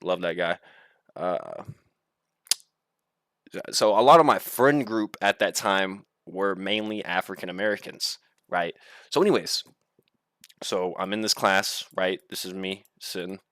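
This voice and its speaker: Young male vlogger, loose and profane storyteller, punchy bright tone. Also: sits low, no room sound, studio quality. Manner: rambling, profane, laughs while telling. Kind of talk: casual storytelling.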